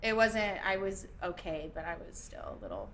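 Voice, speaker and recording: A woman's voice: fairly low pitch, big pitch swings, moderate pace, a bit bright, a little hiss or hum. Chatty young woman with a Minnesota accent. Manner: chatty, laughs often, trails off with filler words. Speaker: guest. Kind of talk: casual chat.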